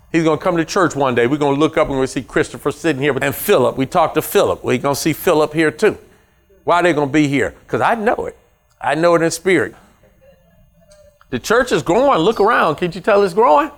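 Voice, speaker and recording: A man preaching a sermon as a pastor in a church, animated and acting out the voices of his congregation. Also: high-pitched.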